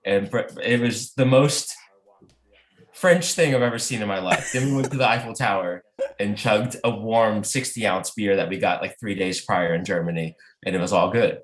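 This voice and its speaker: A man from the American South, a touring band musician, telling tour stories in a casual, animated way, laughing often and saying "like" a lot over a video call. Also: lowish voice, moderate pace, a little hiss or hum. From Southern United States. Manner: animated storyteller who laughs often and uses many "like" fillers. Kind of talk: casual interview chat. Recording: echoey room.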